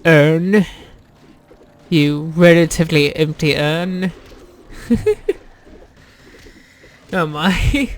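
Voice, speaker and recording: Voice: medium pitch, extremely slow, pauses often. A YouTuber giving casual let's play commentary, rambling and self-deprecating, with plenty of swearing and restarts. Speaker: YouTuber playing a game.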